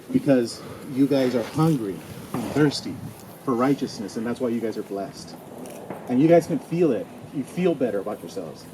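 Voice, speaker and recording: A man giving a preacherly speech to a crowd at an outdoor rally, building up to loud calls to act. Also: mid-range voice. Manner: preacherly, rising to loud exhortation. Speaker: speaker at a protest rally. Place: outdoors at a street gathering. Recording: noisy outdoor ambience, passing vehicles.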